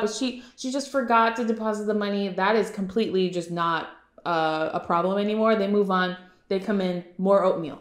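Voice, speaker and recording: Giggly young woman recapping a movie. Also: mid-range voice. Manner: chatty and giggly, acting out lines in quick impressions. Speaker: film vlogger. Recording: echoey room.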